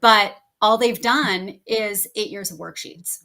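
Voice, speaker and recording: Lively woman teacher telling classroom stories. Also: mid-range voice, takes it slowly, gravelly. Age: middle-aged. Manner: lively storyteller who acts out her students. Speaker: guest, English language teacher. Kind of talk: podcast interview conversation.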